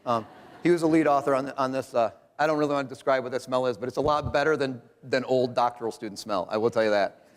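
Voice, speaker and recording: A man's voice: medium pitch, fast talker. A middle-aged man presenting research at a conference, joking and conversational, recorded in a hall. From Rochester, New York. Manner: joking, animated, conversational lecturing. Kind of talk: conference talk. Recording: hall reverb.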